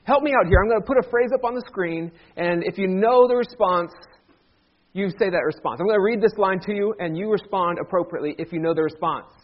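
A man's voice: high voice, brisk, dull audio. A man, a pastor, giving a joking, conversational sermon to his congregation and drawing them into call-and-response. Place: church sanctuary.

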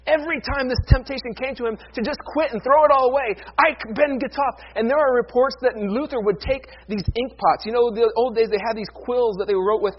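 A male pastor with a high, husky voice delivers a sermon. He swings from loud, emphatic declarations to soft, hushed lines. The recording is dull and lo-fi.

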